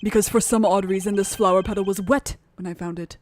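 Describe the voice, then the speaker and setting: A woman reading the lines of a composed, formal male prosecutor in a video game, in a measured, confident way. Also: mid-range voice, fairly even intonation, slight background noise, close to an everyday voice.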